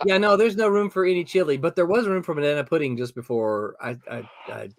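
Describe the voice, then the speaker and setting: Here the comics stream host, a middle-aged man, talks fast in a slightly high voice. Laughing frequently, he reads viewers' comments aloud through a video-call desktop mic during his casual live stream.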